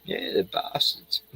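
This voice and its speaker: A man's voice: sharp tone, a little hiss or hum, low-quality recording. A man in a rambling casual chat, swearing freely, laughing and trailing off mid-sentence. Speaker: host reacting to a video.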